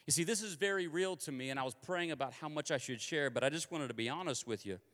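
Fairly high in pitch and quick-paced, a man from Kansas gives a lively sermon in a conversational, confessional manner, with a long hall reverb on his voice.

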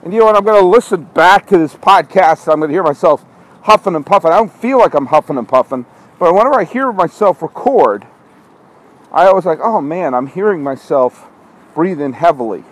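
Over poor audio, a man speaks fairly quickly in a high-pitched, expressive voice. He hosts a walking monologue podcast from an outdoor parking lot at night, scolding himself in an exasperated ramble while street noise and a backing truck sound in the background.

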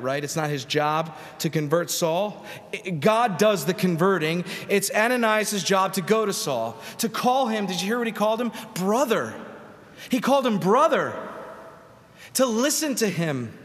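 Long church-hall reverb fills this recording from a large sanctuary, where a man preaches as pastor. He talks to the congregation conversationally, asking rhetorical questions, his voice on the high side and a bit bright.

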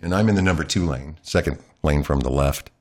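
A man's voice: a bass voice, a little fast, darkish tone. A man, a longtime news anchor, animatedly telling a chatty anecdote as an interview guest at home. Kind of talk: candid interview storytelling. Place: his home.

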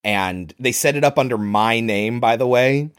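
A man in his thirties co-hosting a movie podcast, animated and sarcastic, swearing often in casual chat. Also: mid-range voice, moderate pace, clean tone. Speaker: podcast co-host.

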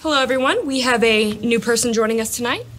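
A woman's voice: on the high side, fast talker, noisy background, natural voice. A woman playing an upbeat support group leader in a comedy sketch, encouraging.

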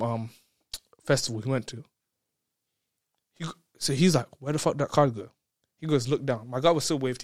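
A man telling a story in casual chat, excitable, laughing often and repeating words. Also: medium pitch, no echo, studio quality.

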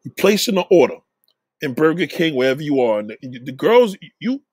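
Husky-voiced man ranting bluntly. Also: on the high side, big pitch swings, brisk, a little mellow, dry recording. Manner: blunt, profane, repeats himself. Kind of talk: casual monologue rant.

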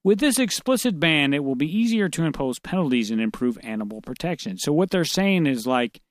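A man's voice: fairly high pitch, expressive, brisk, no room sound, clean studio sound. A man co-hosting a casual comedy podcast, reading odd news stories aloud with crude jokes. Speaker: podcast co-host.

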